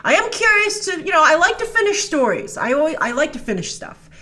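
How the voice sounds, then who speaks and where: A woman's voice: high voice, sing-song, a little fast, pushed and bright. A woman hosting a casual trailer breakdown, chatty and sarcastic, now and then mocking the characters in made-up voices. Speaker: host.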